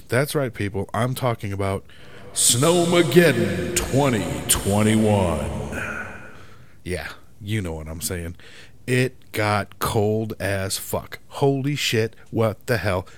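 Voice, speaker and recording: A man who grew up in Michigan hosting a solo podcast, ranting in an exasperated, profane way. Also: fairly low pitch. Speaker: podcast host.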